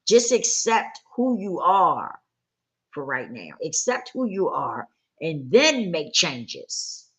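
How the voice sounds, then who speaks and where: Woman host, fairly low voice, earnest motivational livestream talk, repeats key lines, checks in with listeners. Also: big pitch swings, slow. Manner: earnest, repeats her points for emphasis. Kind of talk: motivational talk to a live audience.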